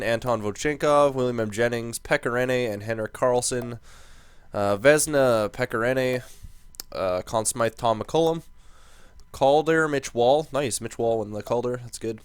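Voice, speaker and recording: Young male gaming commentator, mid-pitch, dry close mic, rambling and easily annoyed. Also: clean tone, dry recording. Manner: thinking aloud, quick swings into exasperated rants. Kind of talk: casual game commentary.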